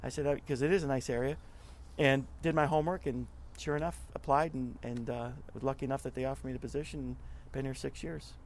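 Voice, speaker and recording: A man's voice: medium pitch, quick pace, hardly any pauses, a little hiss or hum. Chatty middle-aged man telling stories. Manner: chatty, animated storyteller who acts out quotes. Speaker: interview guest, nonprofit club leader. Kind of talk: casual storytelling interview.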